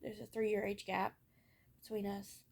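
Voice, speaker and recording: Hiccuping through her vlog, a young woman shares candid stories of her childhood, slightly rambling and heavy on fillers. Her medium-pitched voice is level, creaky, and a little slow, with a faint hiss or hum in the audio.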